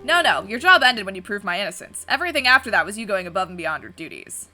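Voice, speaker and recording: A woman's voice: mid-range voice, big pitch swings, fast, pushed and bright, faint music behind. A woman voicing a suave fox detective. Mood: smooth. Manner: smooth, formal, courteous. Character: suave male fox private investigator.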